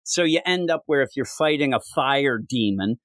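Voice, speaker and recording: A man with a mid-range voice co-hosts a comic book podcast, recapping issues in casual chat at normal speed. He's animated and acts out the dialogue in voices, with no room sound.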